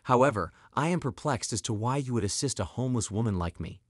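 A man voicing an old homeless woman who speaks softly and politely. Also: mid-range voice, animated, fast talker, breathy edge, no room sound, clean studio sound.

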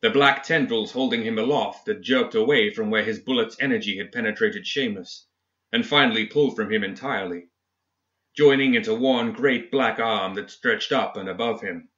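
Bright-voiced male story narrator. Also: fairly low pitch, normal speed. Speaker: audiobook reader. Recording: dull lo-fi recording.

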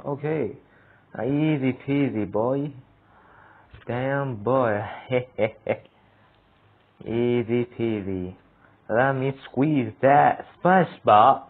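Husky man's slow, tinny gaming commentary. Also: mid-range voice. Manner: excitable, yelps and laughs at scares, talks to himself. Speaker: gamer playing a horror game. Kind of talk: let's play commentary. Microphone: phone mic. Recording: tinny phone-like sound.

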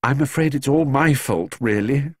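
A man voicing a kind middle-aged mother who reasons gently with her husband in a storybook reading. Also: mid-range voice, moderate pace, husky, no room sound, studio quality, pitched above the performer's own voice, natural voice. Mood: reasoning.

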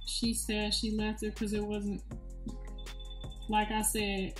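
A woman's voice: mid-range voice, monotone, takes it slowly. A middle-aged woman hosting a casual livestream chat, blunt and profane, laughing often. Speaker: show host. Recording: echoey room, distant mic, faint music.

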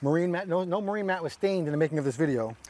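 A middle-aged man with a New York accent, chatting and joking while cooking outdoors on a boat, talking fast and mumbling his words together. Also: fairly high pitch, expressive, darkish tone, slight background noise. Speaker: co-host of a fishing channel. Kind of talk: casual chat while cooking.

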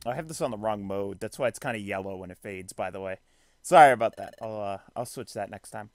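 A man's voice: fairly low pitch, fairly quick, soft background music. A man streaming a video game live, joking and self-deprecating as he chats to viewers. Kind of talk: live let's-play commentary.

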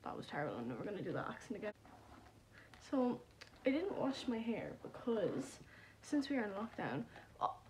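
A young woman talks straight into her phone camera at home in a loose, rambling vlog chat. She pokes fun at herself as she goes, and her voice sits in a middling pitch with a mellow, soft tone. A faint hiss runs underneath. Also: big pitch swings, normal speed. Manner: chatty, rambling, self-deprecating. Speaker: vlogger.

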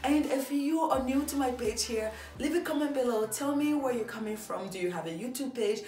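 A woman's voice: high-pitched, a little fast, darkish tone, reverberant. A woman in her thirties from Ivory Coast with an Ivorian French accent, chatting upbeat and casually in a get-to-know-me vlog. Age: 30s. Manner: upbeat, chatty, laughing often. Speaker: vlogger.

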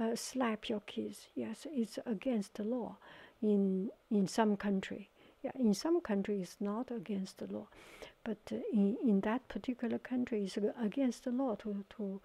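A woman telling a story in a soft-spoken ASMR style, halting and searching for words, often slipping into a whisper. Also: on the high side, creaky. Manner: partly whispered. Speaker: watercolor ASMR artist.

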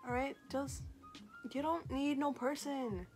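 A woman's voice: sits high, steady tone, slow. A woman vlogger chatting casually to camera in a sassy, joking, self-mocking way. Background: faint background music.

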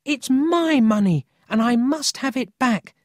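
A man voicing an upset young boy who speaks high and insistently, pleading to be believed. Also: animated, measured pace, darkish tone, dry recording, studio quality.

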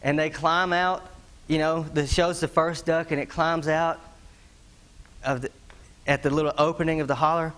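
A middle-aged man preaches a sermon, his voice sitting a little high. He tells stories in a folksy, laughing way and breaks into imitations of animal calls as he goes. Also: level tone, moderate pace, long pauses, fairly bright tone. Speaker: pastor.

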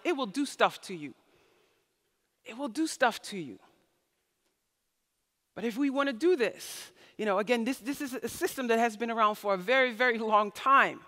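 A woman's voice: on the high side, pushed and bright. A woman giving a conference keynote speech, telling stories expressively and acting out the voices of the people she quotes. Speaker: keynote speaker. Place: large conference hall. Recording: reverberant hall.

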